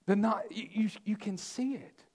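A man preaching a sermon, emphatic and repetitive, swinging between loud declarations and hushed asides. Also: high voice, moderate pace, slightly rough.

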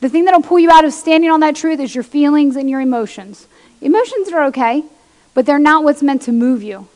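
High-voiced woman preaching in a hall. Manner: animated storytelling, acts out quoted voices. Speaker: pastor's wife speaking to women. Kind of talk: personal testimony sermon. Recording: long hall reverb.

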